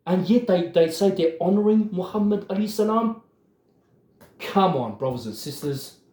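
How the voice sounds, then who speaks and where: A man with a high yet mellow, dark-toned voice gives fired-up religious commentary. He speaks with heavy emphasis and keeps calling out to his listeners. The sound carries a roomy echo. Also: expressive, moderate pace. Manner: emphatic, worked up, repeatedly addressing listeners.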